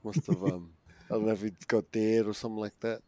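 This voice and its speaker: NZ co-host, rambly, trails off at the ends, dry close mic. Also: male voice, lowish voice, steady tone, fast talker, dry recording. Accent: New Zealand. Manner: rambling, searching for words, trails off quietly. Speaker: podcast co-host. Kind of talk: casual chat.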